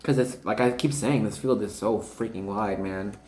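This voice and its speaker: A woman's voice: extremely low pitch, normal speed, a little mellow. A woman giving a casual spiritual card reading, rambling and slangy, constantly talking to her viewers as "you guys.". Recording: roomy echo.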